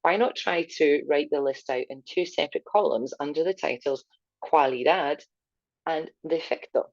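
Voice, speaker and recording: A woman teaching a video language lesson, speaking slowly and clearly so learners can repeat after her, with an encouraging manner. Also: sits low, darkish tone, no room sound. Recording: dull, slightly lo-fi sound.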